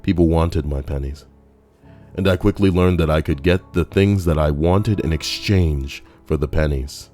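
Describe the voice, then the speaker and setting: A man's voice: a bass voice, measured pace, dark tone, faint music behind. A man reading forum stories aloud with comedic commentary, crude and profane, full of jokey asides. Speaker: YouTube narrator reading forum posts.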